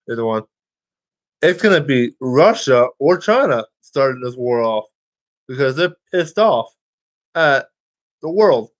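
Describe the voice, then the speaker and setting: Slow, rambling man vlogging. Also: mid-range voice, clean tone. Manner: rambling, swears freely, restarts lines. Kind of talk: casual commentary to viewers.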